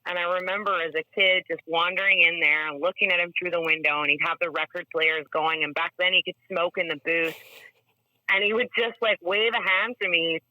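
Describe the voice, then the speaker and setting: A woman's voice: lowish voice, steady tone, a little fast, no room sound, highs cut off. A woman from Canada, a broadcaster and author, talking about her memories in a heartfelt, reflective way as an interview guest. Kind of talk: casual interview chat.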